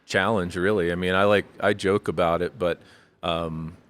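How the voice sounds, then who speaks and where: A man's voice: low voice, steady tone, normal speed, a bit bright. A man as a brewery guest on a casual podcast, giving thoughtful, rambling explanations with frequent self-corrections and lifting his voice when he jokes.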